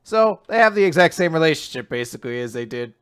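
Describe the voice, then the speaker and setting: A man's voice: a little high, fast, smooth. A man co-hosting a podcast, chatting casually and acting out character dialogue in voices. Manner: animated, acts out dialogue in voices. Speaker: podcast co-host. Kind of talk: casual chat recapping comics.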